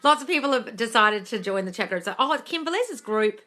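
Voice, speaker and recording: A woman's voice: fairly high pitch, expressive, fairly quick, sharp tone. A woman hosting a live question-and-answer stream as a coach, blunt and emphatic, swearing freely as she answers viewers. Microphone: phone or computer mic for a live stream.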